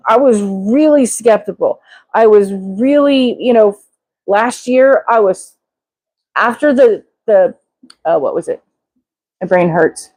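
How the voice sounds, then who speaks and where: An older woman hosting a casual live chat, talking in an excitable, rambling way with many restarts. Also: mid-range voice, dry recording, poor audio. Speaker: livestream host.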